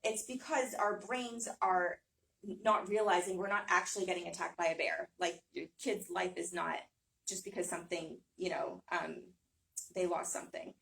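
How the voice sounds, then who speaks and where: A woman's voice: on the low side, steady tone, moderate pace, gravelly, a bit bright. A woman giving a casual talk to a small audience, chatty, with many fillers and frequent "right?". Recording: voice from some distance.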